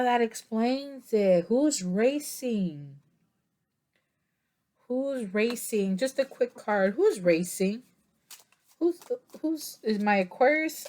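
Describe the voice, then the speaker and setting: A tired woman giving a casual tarot reading to camera, chatty and meandering, with many fillers and yawns. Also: high voice. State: tired, yawning. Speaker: tarot reader.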